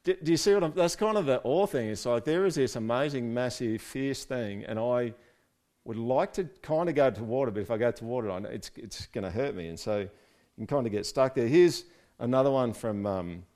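A man's voice: medium pitch, fairly quick, a little mellow. A man preaching a casual, conversational sermon, with joking asides and frequent "right?" check-ins to his listeners. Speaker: pastor.

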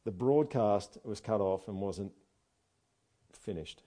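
An Australian man preaching a sermon, animated and joking, with loud asides and quiet readings. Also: lowish voice, slow. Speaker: pastor.

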